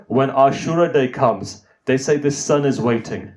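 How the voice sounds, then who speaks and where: A man with a medium-pitched, darkish voice delivers an impassioned mourning sermon in a mosque at a normal pace, barely pausing. Emotional throughout, he frequently poses rhetorical questions to the congregation.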